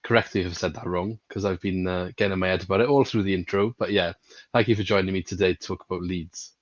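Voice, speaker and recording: Male podcast host, very low voice, dull dry sound, relaxed and chatty. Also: fast talker, no echo. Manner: relaxed, chatty, some hesitant restarts. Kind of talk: casual football podcast chat.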